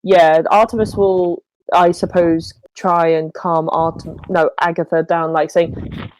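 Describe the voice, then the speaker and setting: A woman's voice: fairly low pitch, level tone, a little slow, a little mellow, dry recording, rough recording. Hesitant woman player, dry close mic. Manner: hesitant, lots of ums and swearing. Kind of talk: casual tabletop game chat.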